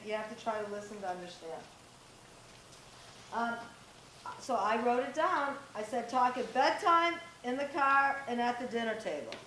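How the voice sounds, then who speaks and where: A middle-aged woman with a fairly high voice talks to a room of parents and teens in a direct, conversational way, now and then acting out bits of dialogue. The room is echoey and a faint hiss sits under her voice. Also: fairly bright tone, far from the mic. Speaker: parenting workshop presenter. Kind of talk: live presentation to parents and teens.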